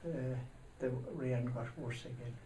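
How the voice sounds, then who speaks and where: A man rambles through a comic anecdote at an even middle pitch, breaking into loud shouted voices for the people in it. He sits well back from the microphone in an echoey room. A steady noisy hiss runs under the recording. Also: a little slow, far from the mic.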